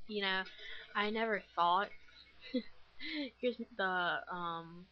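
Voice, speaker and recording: A woman's voice: mid-range voice, very slow, pauses often, muffled recording. Rambling self-deprecating young woman gamer. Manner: rambling, self-deprecating, lots of fillers and giggles. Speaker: gaming vlogger. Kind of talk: casual gameplay commentary.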